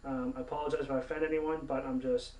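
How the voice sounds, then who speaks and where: A man's voice: medium pitch, little pitch movement, fast talker, a little mellow. Mouthy Canadian man ranting at a distance. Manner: mouthy, profane, indignant. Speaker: gaming vlogger. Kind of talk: ranting monologue to camera. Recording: roomy, mic at a distance.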